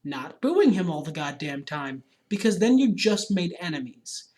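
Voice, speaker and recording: A man's voice: high voice, big pitch swings, normal speed, darkish tone. A man co-hosting a podcast in casual chat, opinionated and ranting, swearing freely. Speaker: podcast co-host.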